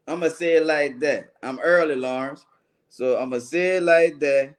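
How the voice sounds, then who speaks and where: A man's voice: a little high, normal speed. Slangy man hosting a livestream. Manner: loose slangy banter, calls out viewers by name. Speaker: livestream show host. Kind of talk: casual livestream chat greeting viewers.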